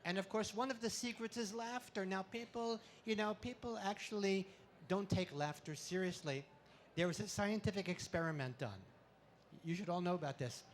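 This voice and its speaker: A man giving a playful talk to an audience at an expo, full of deadpan puns and laughter exercises, speaking into a handheld mic. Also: high voice, normal speed, slight background noise. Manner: pun-filled deadpan jokes. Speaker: comedic spiritual speaker.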